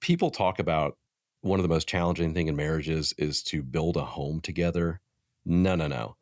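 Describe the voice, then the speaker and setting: A man in his thirties spins a story as a guest on a podcast, lively and full of swearing. His voice sits low, and the sound is dry and close with no room around it. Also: moderate pace, no echo. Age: 30s. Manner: animated, profane storyteller. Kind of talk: casual storytelling chat.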